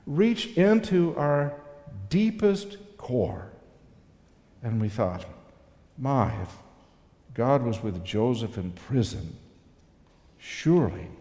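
A man speaks unhurriedly in a reflective, sermon-style talk, building to heartfelt swells. His voice sits at an ordinary pitch and carries the long reverb of a large hall. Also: a little mellow. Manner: earnest, reflective storytelling with emotional swells.

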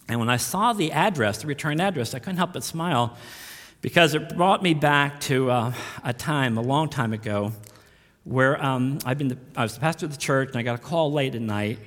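A male pastor preaching a sermon earnestly, rising in force on key lines and dropping soft on tender ones. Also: on the high side, big-room sound.

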